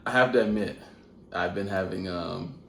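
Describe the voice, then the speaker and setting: A man co-hosting a casual podcast at home, relaxed and wry, telling stories. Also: low-pitched, moderate pace, gravelly. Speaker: podcast co-host. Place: home room. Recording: echoey room with faint hiss.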